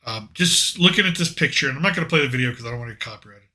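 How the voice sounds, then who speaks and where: A man's voice: mid-range voice, animated, racing, pushed and bright. A man hosting a podcast, chatting casually and jokingly about politics with rambling, opinionated asides. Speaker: podcast host.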